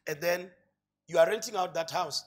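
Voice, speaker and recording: A man preaching a sermon, telling a long story and swinging between loud shouting and quiet, hushed asides. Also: high voice, moderate pace.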